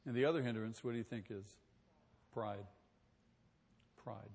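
A pastor preaching a sermon, emphatic, asking rhetorical questions and swinging between quiet and loud. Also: male voice, mid-range voice, very fast, in a large hall, slight background noise.

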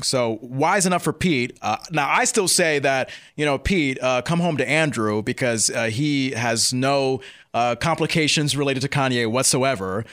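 A man's voice: mid-range voice, fairly bright tone. A man hosting a casual celebrity gossip chat, teasing his co-host in a playful, hesitant way. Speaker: podcast host.

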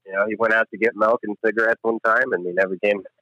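A man's voice: fairly low pitch, level tone, fast, sharp tone, dry recording, highs cut off. A laid-back man co-hosting a podcast, chatting crudely about a movie. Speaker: podcast co-host. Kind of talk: casual movie-review chat.

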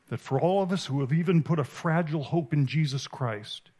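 A man giving a sermon at a conference, telling an emotional story with halting, repeated starts. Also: fairly high pitch, a little mellow. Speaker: conference speaker. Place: conference stage.

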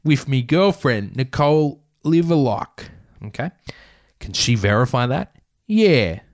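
A brash, unrepentant male bomber talks bluntly and casually, as a man voices him while reading a story aloud. He sounds rough and sure of himself. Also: medium pitch, animated, a little slow. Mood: matter-of-fact.

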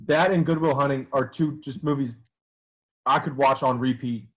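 Man, podcast co-host, casual chat, mid-pitched voice, loose filler-heavy talk. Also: moderate pace, poor audio. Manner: relaxed, laughs easily, filler-heavy.

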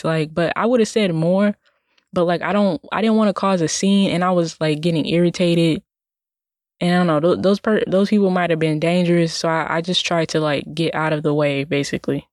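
A woman's voice: on the low side, a little mellow, dry recording, studio quality. A woman in a casual personal monologue, talking indignantly in a rambling way with lots of "like" fillers and restarts. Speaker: vlogger.

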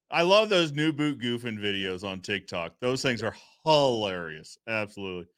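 A man's voice: lowish voice, lively intonation, measured pace, a bit bright, clean tone, no echo. A man hosting a podcast in casual live-stream chat, upbeat, greeting viewers and reading their comments aloud. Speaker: podcast host.

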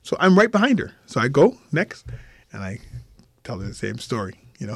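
A man's voice: medium pitch, very animated, moderate pace, gravelly, pauses often, slightly rough, dry recording. A man telling a story as a podcast guest, acting out the other people's lines as he goes. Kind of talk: animated storytelling. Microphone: remote call.

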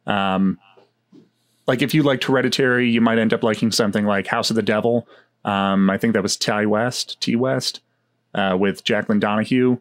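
A man's voice: mid-range voice, a bit bright. A man hosting a casual movie chat, rambling along with many fillers and restarts. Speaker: podcast host.

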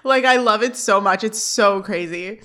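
A woman's voice: mid-range voice, moderate pace, a bit bright. A young woman co-hosting a podcast, recapping scenes in casual chat, giggling and acting out the quotes. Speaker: podcast co-host.

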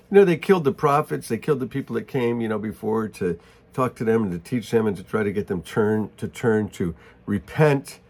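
A man reads a Bible passage aloud and explains it in casual asides. He clears his throat often. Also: on the low side, brisk, darkish tone. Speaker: Bible teacher. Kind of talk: Bible reading with commentary.

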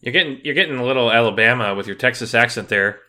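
A man co-hosting a podcast in casual chat, relaxed and joking, with the odd swear. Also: mid-range voice, fast talker. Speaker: podcast co-host.

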